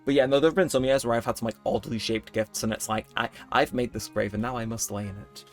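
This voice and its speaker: A young man talks his way through a video game in a loose, rambling, self-mocking way, often laughing at himself. His voice sits in an everyday middle register. Soft game music plays faintly behind him. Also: mid-range voice, steady tone, fast talker. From United Kingdom. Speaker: let's play host. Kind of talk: casual gameplay commentary.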